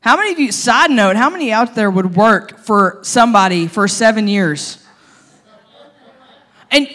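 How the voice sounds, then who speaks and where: A woman pastor delivering a sermon in a lively, joking, conversational way. She talks to the congregation directly and casually, with plenty of everyday slang. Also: mid-range voice, unhurried, pauses often. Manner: animated, humorous, conversational.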